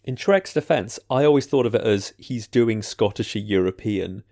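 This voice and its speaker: A man co-hosting a podcast, chatting about a film in an animated, jokey way. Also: on the low side, normal speed. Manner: animated, jokey, does mock quotes. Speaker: podcast co-host. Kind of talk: casual film discussion.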